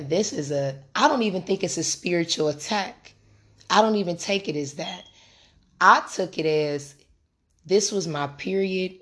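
A woman in her late twenties with a deep, hoarse voice, hosting a casual spiritual podcast, candid and profane as she speaks straight to listeners. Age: late 20s. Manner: candid, profane, conversational, addresses listeners directly. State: hoarse, recovering from lost voice. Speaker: podcast host and tarot reader.

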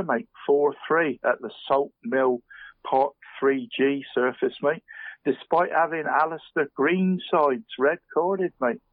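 A man on the radio giving a casual run-through of local football results, halting and restarting, saying "mate" at nearly every turn. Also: mid-range voice, dry recording. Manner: chatty, says "mate" constantly, halting restarts. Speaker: radio sports presenter. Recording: phone-line quality radio audio.

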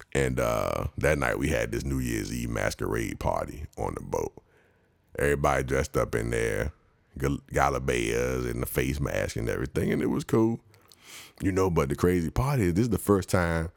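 A man casually telling a travel story in a slangy, animated way, laughing often and acting out the people he met. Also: sits low, creaky, no room sound, studio quality. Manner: slangy, conversational.

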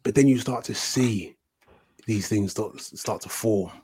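A man's voice: fairly low pitch, a little slow, a little mellow, slightly rough. A young man, telling a long casual story as a podcast guest, full of slang, swearing and restarts. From United Kingdom. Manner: rambling, profane, slangy, with many self-corrections.

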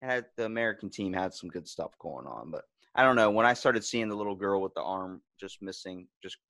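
A man co-hosting a podcast, chatting casually about a movie, excitable and swearing often as he acts out quotes. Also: low-pitched, a little fast, no room sound. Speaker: podcast co-host.

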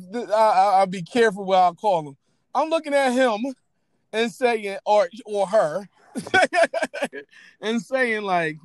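A man co-hosts a casual podcast. He talks with animation, laughing and teasing as he goes. His voice sits fairly high and sounds dry and close. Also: a little slow, no echo. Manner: animated, laughing, mocking impressions. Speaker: podcast co-host. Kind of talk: casual chat.

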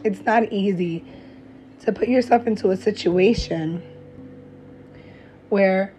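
Speaking straight to camera, this young mother gives a blunt, encouraging, heartfelt vlog monologue laced with profanity and delivered in slow, emphatic phrases. Her mid-range voice is warm. Faint music plays beneath a slightly dull lo-fi recording with slight background noise.

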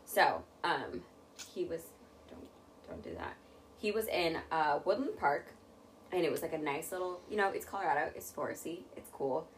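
Young woman podcast co-host, lower voice, laughing chatty storyteller, faint background noise. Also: expressive, normal speed. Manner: laughing, swearing, loose and chatty. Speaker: podcast co-host telling a true crime story. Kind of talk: casual chat.

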